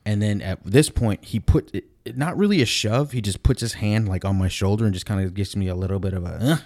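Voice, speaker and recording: A man in casual chat, telling a long story with blunt, profane, animated retelling. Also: fairly low pitch, a little fast.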